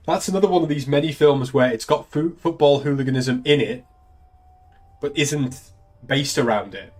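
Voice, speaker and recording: A man's voice: medium pitch, normal speed, long pauses. An English man, a young adult, chatting casually on a live stream, laughing often and swearing freely. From England. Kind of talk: casual chat.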